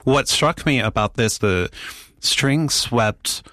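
Guy guesting on a music radio show, mid-pitched voice, dry studio sound, easygoing with some ums. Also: slow, dry recording. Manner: relaxed, conversational, some hesitations. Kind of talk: casual music chat.

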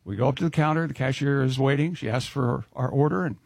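A man's voice: mid-range voice, quick pace, gravelly, husky, no room sound. A man co-hosting a radio show, chatty and laughing as he reads listener letters aloud in the studio. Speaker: radio show co-host reading listener mail. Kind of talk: casual radio banter. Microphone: studio mic.

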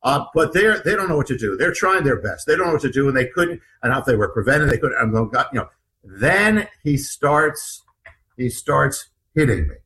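Speaking at a normal pace with a medium pitch that swings widely, this man has a sharp tone. As an author guest in an interview, he tells of an ordeal in animated, vivid detail, acting out others' speech and often restarting and repeating his words. The recording is rough.

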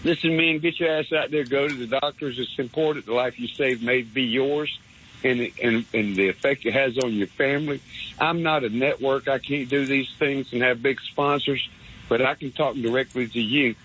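A man's voice: fairly even intonation, moderate pace, fairly bright tone, slightly rough. Stammering sarcastic man on a call. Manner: sarcastic, repetitive stammering, pitch swings. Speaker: radio caller. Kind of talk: rambling call-in rant. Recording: muffled phone-line call.

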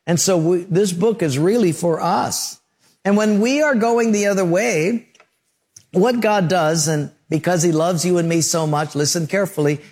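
A man preaching a sermon, telling stories with acted-out quotes and sound effects, slowing down hard on key phrases. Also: on the high side. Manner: slows down for emphasis on key phrases.

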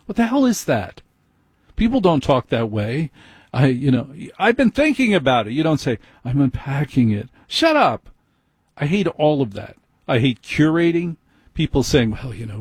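A man's voice: medium pitch, darkish tone, husky, no echo. A man hosting a talk show, ranting sarcastically and mocking the way people talk. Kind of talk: opinionated radio talk.

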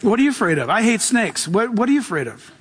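A man's voice: high-pitched, sing-song, quick pace, slight background noise. A middle-aged man preaching a sermon as pastor, enthusiastic and casual, with slangy asides. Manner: enthusiastic, casual slang, voices Jesus in quotes.

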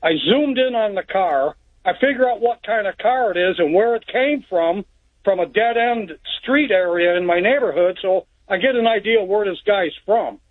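Male caller on a phone line, high voice, tinny sound, plainspoken and rambling. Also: expressive, moderate pace. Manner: plainspoken, rambling storyteller with restarts. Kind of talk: telling a story on a call-in show. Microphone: telephone.

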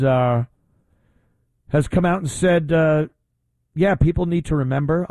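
Male radio host, blunt, indignant, rambling; mellow, dry studio sound. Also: mid-range voice, gravelly, no echo. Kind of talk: opinionated radio talk.

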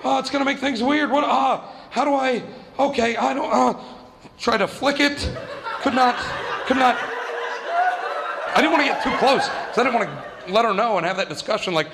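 Man, stand-up comic, high voice, animated storytelling, acted-out voices. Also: moderate pace, pauses often, noisy background. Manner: animated, acts out quoted voices. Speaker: stand-up comedian.

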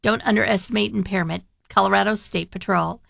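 A woman giving a radio traffic report in a brisk, informative way. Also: mid-range voice, steady tone, creaky, a bit bright, no room sound.

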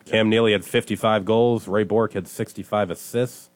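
Male co-host, low voice, animated storyteller, dry close sound. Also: moderate pace, no room sound. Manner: animated joke telling, shouting punchlines. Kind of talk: casual morning show banter.

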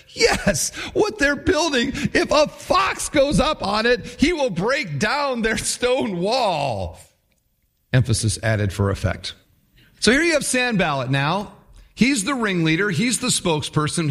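A man preaching a sermon, reading scripture aloud and acting out the mocking voices of the characters. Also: high voice. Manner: animated preaching, voicing the taunts of biblical characters. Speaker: pastor.

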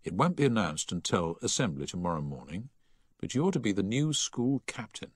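A soft-spoken schoolmaster talks in a quiet, confiding tone, voiced by a male narrator. The recording is close and dry. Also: lowish voice, sing-song, normal speed, husky, no echo.

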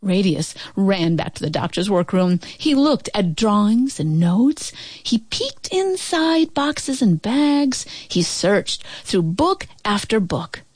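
A woman reading a children's picture book aloud in a slow, expressive, sing-song way. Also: mid-range voice, dry recording. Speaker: narrator. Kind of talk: children's storybook read-aloud.

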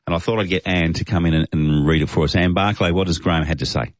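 A relaxed Australian radio host with a very low voice, joking easily between segments. His dry studio sound is a little dull, as on a broadcast. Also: fast, no room sound. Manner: relaxed, joking, with frequent "uh" fillers. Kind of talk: casual talk radio chat.

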